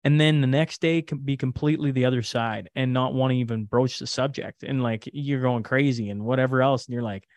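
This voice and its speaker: A Canadian man, a podcaster and interview guest, talks loosely and candidly with plenty of fillers. His voice sits at a middle pitch, and the recording is dry and close. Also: fairly even intonation, fairly quick, few pauses, no room sound. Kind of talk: casual conversational interview.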